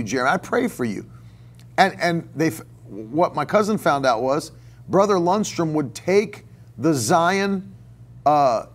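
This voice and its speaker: A man preaching a sermon as pastor, talking in a loose, conversational way and often repeating and restarting words. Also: a little high. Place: church.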